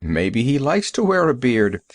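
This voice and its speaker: A man's voice: mid-range voice, big pitch swings, measured pace, no echo, clean studio sound. A man reading an audiobook, voicing a friendly, easygoing small-town male store clerk.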